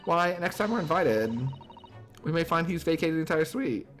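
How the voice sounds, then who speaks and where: A man voicing a polite, composed young female assistant who speaks with gentle, teasing courtesy. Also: fairly high pitch, animated, moderate pace, soft background music, voice pushed up, natural voice.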